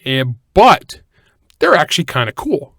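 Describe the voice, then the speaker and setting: A man's voice: on the high side, huge pitch swings, unhurried, vocal fry, a bit bright, no echo, clean studio sound. A man from California co-hosting a podcast, chatting casually in a rambling way with joking asides and frequent self-corrections. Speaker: podcast co-host. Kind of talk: casual chat.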